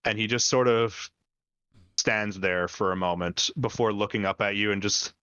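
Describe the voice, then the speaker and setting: A man with a low voice narrates a tabletop game as its dungeon master, piecing his descriptions together with fillers and restarts. The sound is dry and dull, with little room in it. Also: fairly even intonation, moderate pace, pushed and bright, clean tone, no room sound.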